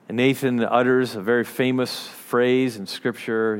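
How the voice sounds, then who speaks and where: A man's voice: medium pitch, level tone, measured pace, hardly any pauses, clear, resonant tone. A man preaching a conversational sermon who often repeats words as he finds his phrasing, then reads scripture aloud. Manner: earnest, repeats words while searching for phrasing.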